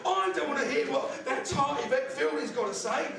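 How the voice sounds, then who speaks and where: On a comedy club stage before a live audience, a male stand-up rants through a crude, sweary set in a very high-pitched, expressive voice with vocal fry, going a little fast. The far-off mic picks up an echoey room and a loud crowd.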